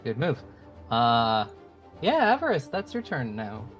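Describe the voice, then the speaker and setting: A man running a tabletop game as game master, calling out rolls and narrating the enemies' moves in a relaxed way. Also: medium pitch, a little slow, dull audio, faint music behind.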